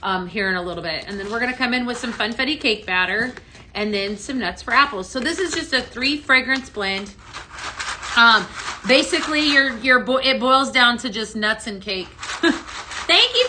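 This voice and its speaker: A woman with a higher voice hosts a live sales demo stream at a moderate pace, chatting with viewers and answering their comments with frequent ums. The room is echoey, and there's background noise.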